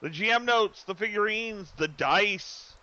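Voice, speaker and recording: A man's voice: sits high, measured pace, pushed and bright, dry recording. A man playing a character in a tabletop game, talking eagerly and casually. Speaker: player. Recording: dull lo-fi sound.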